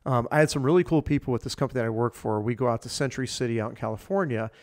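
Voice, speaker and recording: A man's voice: mid-range voice, racing. A man in his fifties, a podcast guest, telling his career story in a rambling, casual way with many fillers and restarts.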